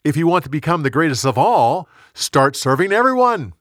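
A man's voice: on the high side, very animated, moderate pace, a bit bright, no room sound, studio quality. A man voicing Jesus, an earnest teacher. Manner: earnest, instructive. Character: Jesus, calm grown male teacher.

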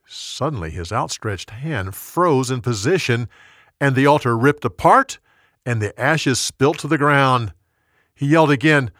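A man narrating a Bible story in a measured, clear storytelling manner. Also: medium pitch, lively intonation, fairly bright tone, no room sound, studio quality. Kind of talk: scripted narration.

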